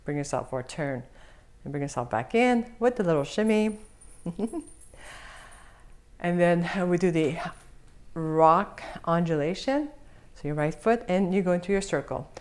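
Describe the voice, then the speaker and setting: A woman leads an online belly dance class at an unhurried, slow pace. Her voice sits on the low side. She is cheerful and hums the music as "da da da" to mark the steps. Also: animated, a little mellow. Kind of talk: online dance lesson with counting.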